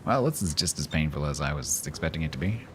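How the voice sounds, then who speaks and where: Very deep-voiced London man streaming. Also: expressive, quick pace, noisy background. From London, England. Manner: chatty and rambling, with sarcastic outbursts at the game. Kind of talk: casual live gaming stream chat.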